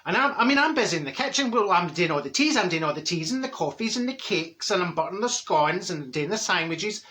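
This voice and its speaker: A man's voice: sits high, animated, fast, pushed and bright. A man playing a blunt, gossipy middle-aged woman from Glasgow with a Glaswegian accent, telling comic stories to camera. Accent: Glaswegian Scottish. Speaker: comic character monologue.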